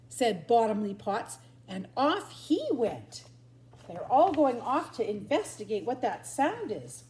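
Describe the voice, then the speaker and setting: An older grandmother reading a picture book aloud to her grandchildren in a lively sing-song manner. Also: on the high side, slow. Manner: sing-song, lively storyteller, barks and yips for the dogs. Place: at home. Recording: roomy echo.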